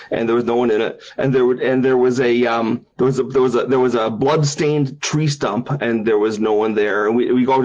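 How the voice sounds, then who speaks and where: Husky-voiced animated male storyteller. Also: mid-range voice, muffled recording. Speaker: game designer and streamer. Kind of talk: casual storytelling on a stream. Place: his house.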